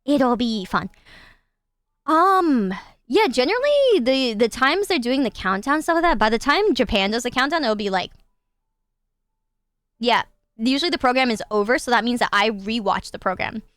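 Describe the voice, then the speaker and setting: A woman's voice: a little high, expressive, normal speed, a bit bright, clear, resonant tone, dry recording. A woman hosting a livestream, chatting casually with her viewers in a bubbly, giggly way with lots of filler words. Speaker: livestream host.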